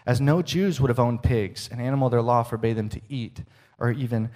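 A man preaching a sermon, slowing for emphasis and dropping to a hush at the ends of lines. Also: medium pitch. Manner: expressive, slows for emphasis and drops to a hush at line ends.

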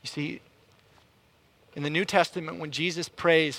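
A man preaching a sermon in an animated way, often repeating words as he restarts a thought. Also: normal speed. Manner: animated, rises in pitch and volume to act out quotes.

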